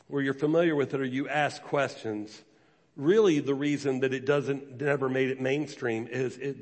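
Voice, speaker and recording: Man preaching in an echoing hall. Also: medium pitch. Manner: storytelling with acted quotes, animated. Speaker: pastor. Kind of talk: sermon. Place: church sanctuary. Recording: long reverb of a large hall.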